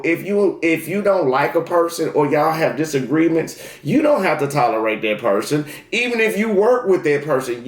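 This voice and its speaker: Guy doing a casual tarot reading, aave, echoey room, repeats himself a lot. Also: a little high. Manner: talks straight to the viewer, repeats phrases, many restarts. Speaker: tarot reader. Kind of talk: casual spiritual reading to camera.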